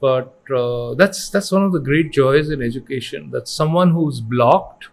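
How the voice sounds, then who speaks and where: A man's voice: medium pitch, measured pace. A middle-aged man from India with an Indian English accent, a company founder telling stories earnestly in an interview and mixing in Hindi phrases. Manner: earnest, animated storyteller who acts out quotes. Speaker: education company founder, guest.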